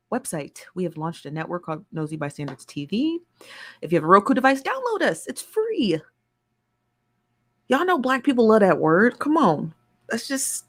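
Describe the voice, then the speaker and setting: Lively chatty woman live-stream host. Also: medium pitch. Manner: chatty and playful, laughs easily, greets commenters by name. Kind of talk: casual live-stream chat, greeting viewers.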